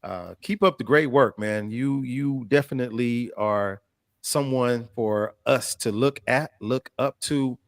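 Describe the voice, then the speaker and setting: A man hosting a casual live-stream chat. He sounds animated, laughs a lot and reads viewer comments aloud. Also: medium pitch, measured pace, no room sound, studio quality. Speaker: host.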